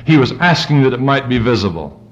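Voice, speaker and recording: A man's voice: big pitch swings, a little fast. Dull lo-fi recording of a male preacher. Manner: preaches with wide swings of pitch and loudness, reading scripture in rising tones. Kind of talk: sermon.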